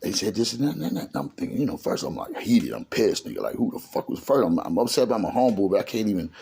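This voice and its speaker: A man's voice: on the low side, sing-song, fast, vocal fry, dark tone, slightly rough. A middle-aged man telling his own life story in casual street slang, acting out the dialogue as he goes.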